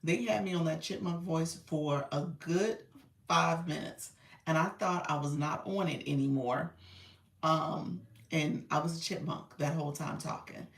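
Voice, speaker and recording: A woman's voice: sits low, a little slow, recorded from a distance. A woman hosting a casual live stream, chatting with viewers, calling them y'all and laughing often. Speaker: live stream host and coach. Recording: echoey room, voice away from mic.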